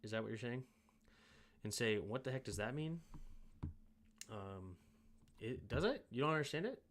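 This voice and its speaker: A man's voice: mid-range voice, animated, normal speed, a bit bright, slight background noise. A man hosting a sports show, casually breaking down game film and thinking aloud with self-mocking asides.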